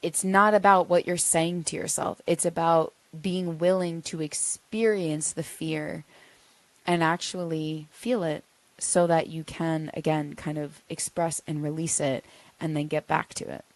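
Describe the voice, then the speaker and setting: A woman hosts her own podcast, talking listeners through hard feelings in an earnest, coaching way. Her voice sits a little low and is recorded close and dry. She softens to a near hush when she says comforting words. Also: fairly even intonation, measured pace, no echo. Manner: earnest, gently coaching, drops to a soft hush when voicing reassurance. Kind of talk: reflective solo podcast talk.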